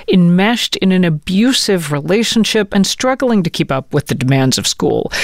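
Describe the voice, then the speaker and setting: Woman, scripted radio host read, measured, dry studio. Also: lowish voice, no echo.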